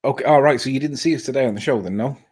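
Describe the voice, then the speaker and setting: A man's voice: medium pitch, racing, a little mellow, slightly rough. A man on a video call, arguing a point insistently in a casual debate and stumbling over his words. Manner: stammering, insistent. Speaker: caller on a live stream.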